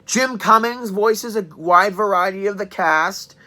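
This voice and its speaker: A woman in her twenties giving a chatty, joking game review and clearing her throat now and then. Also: mid-range voice, unhurried, pushed and bright. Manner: chatty, enthusiastic, joking asides. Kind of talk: casual spoken review.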